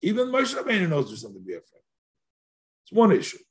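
Man teaching a lively text lesson. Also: sits high, fast. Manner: explains questions aloud, mixing Yiddish and Hebrew phrases; lively, rising on questions. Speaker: Torah teacher.

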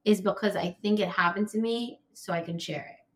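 A woman's voice: medium pitch, fairly quick. An American woman telling a personal story candidly and emotionally, with many fillers like "like" and sudden raised-voice bursts when she recounts her anger. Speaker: podcast guest.

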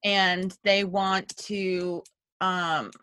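A woman's voice: lowish voice, flat delivery, extremely slow, a bit bright. A young woman hosting a casual podcast chat, rambling and self-deprecating with hesitant, searching phrasing. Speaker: podcast host.

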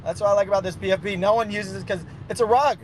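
Man, high voice, brash profane rambling talk, faint traffic noise outside. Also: fairly even intonation, racing. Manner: brash, boastful, rambling rants. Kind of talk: profane casual chat.

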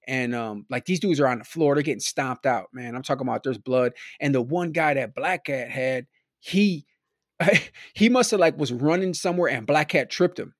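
This podcast guest from Milwaukee, USA, has a medium-pitched voice at a normal speed, recorded cleanly in a studio with no echo. He tells a story loosely and ramblingly, sprinkling in lots of "like" and "right?".

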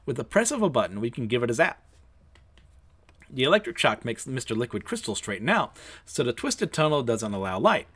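A man with a lisp recaps an anime episode casually, voicing the characters' lines and chuckling at himself between them in a chatty, self-deprecating manner. His mid-range, fairly bright voice swings widely in pitch and moves a little fast.

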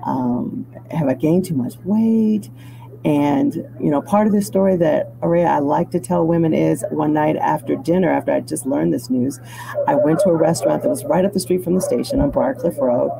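A middle-aged woman from Chicago, a news journalist, telling her story as a guest in a reflective conversational way that grows animated at the high points. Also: a little fast, gravelly, noisy background.

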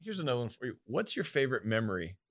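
A man's voice: medium pitch, big pitch swings, very fast, a bit bright, no room sound, studio quality. A man co-hosting a casual podcast chat, friendly and asking questions. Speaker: podcast co-host.

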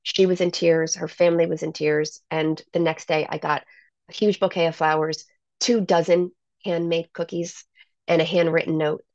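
An enthusiastic woman telling stories as an interview guest, with a gravelly edge to her voice. The sound is dry and a little muffled. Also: sits low, flat delivery, moderate pace, darkish tone, no echo. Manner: enthusiastic storyteller. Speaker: guest, salon owner. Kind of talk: casual interview.

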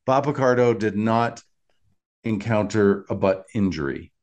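A man's voice: lowish voice, measured pace, a little mellow. A man co-hosting a casual podcast, reminiscing in an easygoing way. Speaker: podcast co-host. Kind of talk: casual chat.

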